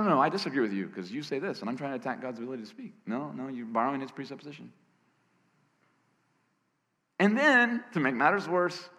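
A man preaching from the pulpit, his voice worn hoarse and scratchy from cheering. His pitch sits in the middle of a man's range, and he swings between loud emphatic bursts and soft, hushed lines. The sound rings with the long reverb of a big hall. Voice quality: gravelly, scratchy. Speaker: pastor. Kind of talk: sermon.

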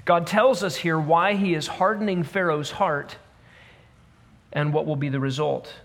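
A man's voice: on the high side, a bit bright. Man preaching in a reverberant hall. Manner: measured, emphatic repetition. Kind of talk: sermon with scripture reading.

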